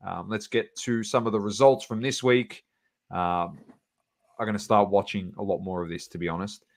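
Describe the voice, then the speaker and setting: A man co-hosts a casual sports podcast, reading out results in a low-pitched voice. He talks with many fillers and quips. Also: fairly even intonation, moderate pace. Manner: rattles off scores with fillers and banter. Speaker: podcast co-host.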